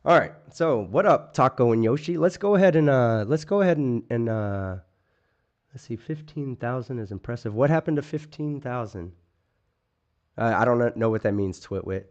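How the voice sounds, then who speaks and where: A man's voice: mid-range voice, animated, normal speed, muffled recording. Profane, ranting male streamer. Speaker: streamer host. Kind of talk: late-night livestream commentary.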